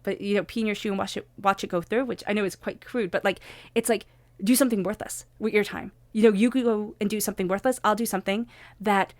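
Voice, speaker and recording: A woman reading tarot cards for her audience, talking with passion and repeating phrases for emphasis, then turning soft and hushed for blessings and meditation. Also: mid-range voice, no room sound. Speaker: tarot reader.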